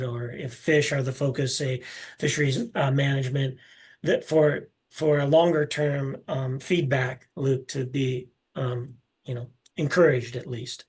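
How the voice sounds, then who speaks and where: A man presenting a seminar, answering questions in a hesitant, measured way with many pauses and restarts. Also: fairly high pitch, husky.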